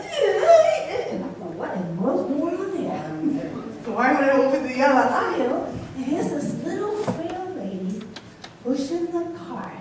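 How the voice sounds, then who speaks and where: High-voiced woman preaching in an echoey church. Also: far from the mic, background noise. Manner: storytelling, asks congregation questions. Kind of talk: sermon. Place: church sanctuary.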